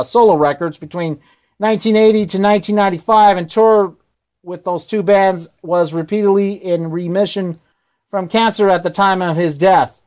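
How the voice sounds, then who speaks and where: A man's voice: high voice, a little mellow. A man hosting a radio show, talking casually in a rambling, hesitant way and often correcting himself.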